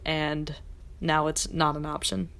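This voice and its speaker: A woman's voice: low-pitched, flat delivery, measured pace, creaky, a bit bright. Young woman hosting a chatty podcast. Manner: rambling, with fillers and restarts. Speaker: podcast host. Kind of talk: casual podcast chat.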